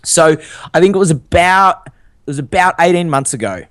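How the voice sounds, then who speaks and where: Enthusiastic young aussie guy cohosting a podcast, voice sits a bit high, super dry close sound. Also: expressive, normal speed, fairly bright tone, no room sound. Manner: upbeat, enthusiastic storyteller. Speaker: podcast co-host. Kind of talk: casual chat.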